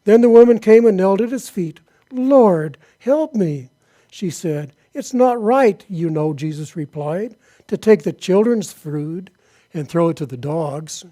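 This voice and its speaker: Man, pastor, sermon, high voice, mellow tone, reads scripture aloud. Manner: reads Bible passages aloud, then asks the congregation questions.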